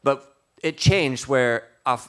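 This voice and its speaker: Smooth-voiced man, halting storytelling. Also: medium pitch, a bit bright. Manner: halting, many fillers. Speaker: guest sharing testimony. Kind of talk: storytelling testimony.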